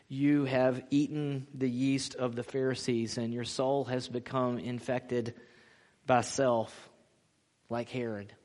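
Animated pastor preaching in a reverberant hall. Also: male voice, mid-range voice. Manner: animated, acts out quoted voices, laughs often. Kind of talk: sermon. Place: church sanctuary.

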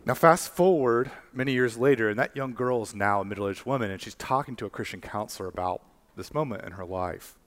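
A male pastor delivers a sermon in the manner of a storyteller. He slows down to stress key words, then rises to fervent emphasis. His pitch sits in the middle range for a man.

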